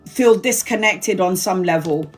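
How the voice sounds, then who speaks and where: A woman's voice: on the low side, unhurried, soft background music. A woman giving a live-stream tarot reading, chatty and blunt, swearing freely and calling viewers honey and sweetheart. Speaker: tarot reader.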